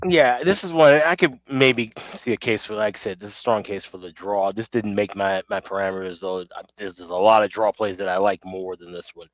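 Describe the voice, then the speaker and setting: A man with a lowish voice co-hosts a betting show and gives short, low-key opinions. His audio comes through dull and lo-fi from a remote line, and it sounds dry. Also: steady tone, brisk, few pauses, no room sound. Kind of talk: casual sports betting analysis.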